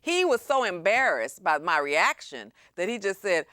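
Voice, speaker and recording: A woman in her fifties, a lawyer hosting a talk show, telling a story in an animated way and acting out what people said. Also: lowish voice, moderate pace, no echo, studio quality. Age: 50s. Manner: animated storyteller, acts out quotes. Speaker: host and lawyer. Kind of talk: casual talk show chat.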